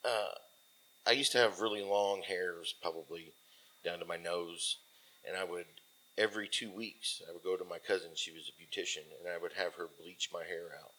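A man in his forties with a somewhat low voice tells a story from his military days in a loose, conversational way. He leans on fillers and restarts, and his sentences often trail off softly. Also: fairly even intonation, moderate pace. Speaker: military veteran guest. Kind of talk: casual storytelling.

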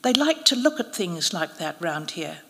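A woman's voice: on the low side, big pitch swings, moderate pace, fairly bright tone. Woman voicing a taunting, merciless girl. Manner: taunting and dry. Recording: reverberant hall at a live reading.

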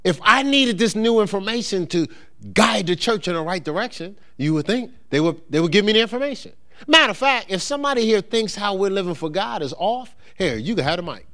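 A middle-aged pastor, preaching in a church in a loose, conversational way. His fairly high voice swings up and down as he slips into the voices of the people he describes. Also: lively intonation, fairly quick, pushed and bright. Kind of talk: sermon.

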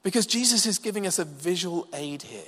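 A man preaching a sermon in a church, measured and emphatic with dramatic pauses. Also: high-pitched, animated, fairly bright tone, husky. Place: church hall. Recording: long reverb of a large hall.

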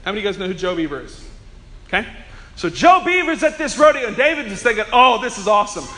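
A man preaching a Sunday sermon, telling humorous, chatty stories and slowing down to press points home. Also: sits high, very animated, pushed and bright. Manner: earnest preaching with slow emphasis. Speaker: pastor.

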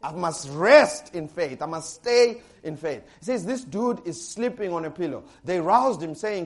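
A man preaching a sermon as pastor, animated, with sudden loud bursts and frequent laughter. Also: a little high, unhurried, few pauses.

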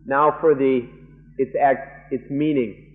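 Captured on a narrow, muffled archival tape, a monk interprets a dharma lecture as it happens, keeping a steady tone at a middling pitch. He moves through each idea very slowly in short, deliberate phrases, frequently pausing and restarting.

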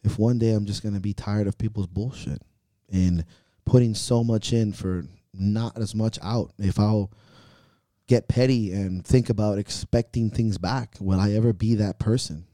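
Guy on a podcast, low dark voice, swears a lot, sighs and trails off, sounds really dry and close. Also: steady tone, no room sound. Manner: earnest, profane, self-questioning; frequent sighs and trailing pauses. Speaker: podcast host and coach. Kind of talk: candid podcast talk.

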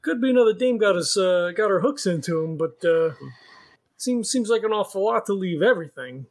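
A man playing a laconic private detective in a tabletop role-play, drawling with hesitant pauses. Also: sits high, animated. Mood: easygoing.

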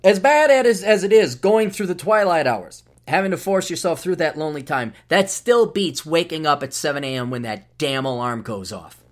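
Higher-voiced man rambling sardonically. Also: expressive, normal speed. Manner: rambling, sardonic, restarts often. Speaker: podcast host. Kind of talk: casual solo monologue.

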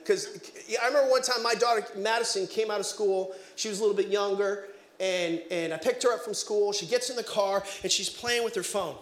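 A middle-aged man preaching a sermon as pastor, telling family stories in an animated way with bursts of shouting. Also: high voice, fairly quick, hardly any pauses. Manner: animated storytelling, breaks into shouts and laughter. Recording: echoey room.

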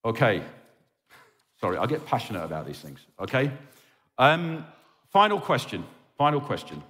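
A man's voice: mid-range voice, very animated, normal speed, fairly bright tone. A man preaching a sermon as a pastor, pleading and impassioned, often checking in with his listeners. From England. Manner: impassioned and pleading, with frequent "okay?" check-ins. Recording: reverberant hall.

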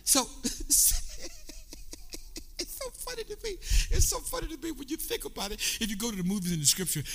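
A middle-aged male pastor preaching an animated sermon, shouting and half-singing as he calls out to the congregation in a church. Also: very high-pitched, brisk, husky. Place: church sanctuary. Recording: long hall reverb.

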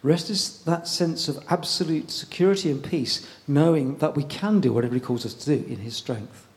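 A man preaching a sermon in a conversational way, pausing often and repeating words as he goes. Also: a little high, a little mellow.

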